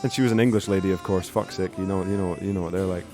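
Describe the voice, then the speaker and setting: A man's voice: low-pitched, fairly even intonation, racing, music in the background. A young man streaming casually, laid-back and rambling, with some swearing. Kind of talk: casual livestream chat.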